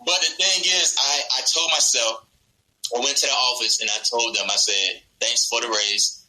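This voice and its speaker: A young man, a football player, telling his story in a radio interview with animated laughter. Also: medium pitch, low-quality recording.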